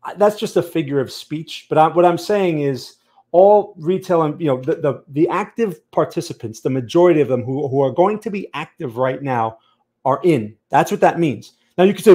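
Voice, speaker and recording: A man's voice: a little high, moderate pace, a little mellow. Man hosting a live trading stream. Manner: conversational, keeps checking in with "okay?" and "right?". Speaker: trading channel host. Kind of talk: live-stream market analysis, reading chat.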